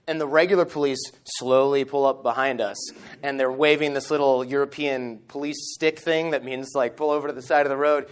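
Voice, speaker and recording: A man in his thirties tells a tense story from a conference stage, his voice sitting a little higher than most men's. He is animated and slips into the lines of the people he quotes as he goes. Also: a little fast. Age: 30s. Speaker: conference speaker. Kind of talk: storytelling keynote talk. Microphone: stage microphone.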